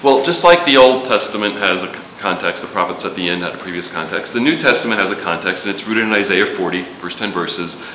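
A man's voice: low voice, fast talker, few pauses, pushed and bright, slight background noise. A man preaching a sermon in a casual, joking way, with sudden emphatic rises. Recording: echoey room with faint ambience.

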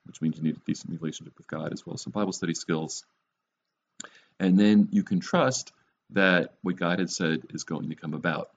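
A man's voice: deep voice, lo-fi sound, a little hiss or hum. A man preaching a conversational sermon, mixing scripture teaching with wry, sarcastic jokes. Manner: wry, joking asides with sarcasm.

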